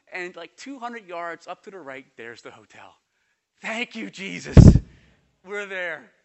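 A man delivers a sermon in a high, bright voice, telling a personal story in quick, animated bursts. He slows right down whenever he reads scripture aloud. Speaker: pastor.

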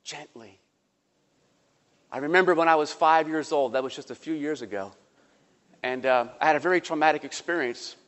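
High-voiced preacher in a reverberant hall. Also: male voice, normal speed, pauses often. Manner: storytelling, swings between soft and emphatic. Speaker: pastor. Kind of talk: sermon.

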